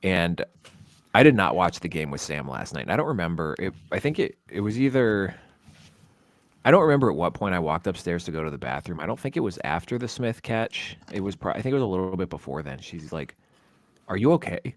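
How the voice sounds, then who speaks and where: A man co-hosting a casual sports podcast, dark-humored and dramatic, swearing freely. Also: low-pitched, big pitch swings, brisk, no room sound. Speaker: podcast co-host.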